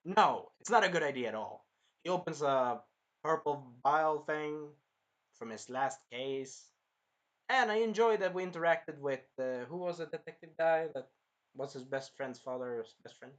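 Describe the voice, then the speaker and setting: A man's voice: fairly high pitch, lively intonation, moderate pace, lo-fi sound. Rambling young man reviewing a film. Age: early 20s. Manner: rambling, jumps between topics with sudden loud bursts. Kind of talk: casual rambling movie review.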